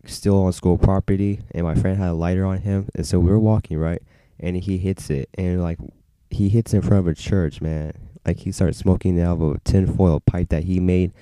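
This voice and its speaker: Young male vlogger, deep mellow voice, rambling storyteller, dry close sound. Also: dry recording. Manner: rambling, filler-heavy, frequent restarts. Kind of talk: casual storytelling to camera.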